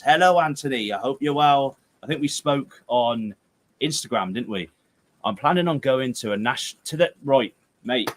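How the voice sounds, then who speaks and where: Chatty West Country English football streamer. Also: male voice, medium pitch. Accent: Gloucestershire/Herefordshire English. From England. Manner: chatty, jokey, rambling, with playful outbursts. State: tired. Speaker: football livestream host. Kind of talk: casual livestream chat reading viewer comments.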